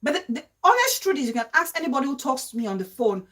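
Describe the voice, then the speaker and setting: A woman's voice: high-pitched, sing-song, fast talker, fairly bright tone. A young adult woman with a Cameroonian accent hosting a live-stream vlog, making her points emphatically and repeating them as rhetorical questions. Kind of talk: live-stream vlog, reading viewer comments.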